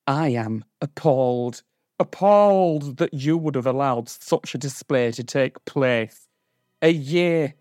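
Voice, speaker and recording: Male host doing a pompous, slow-talking parent in high dudgeon, comedy podcast sketch, faint music under it. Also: darkish tone, no echo, studio quality. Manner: haughty, theatrical outrage. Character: indignant pompous parent writing a complaint.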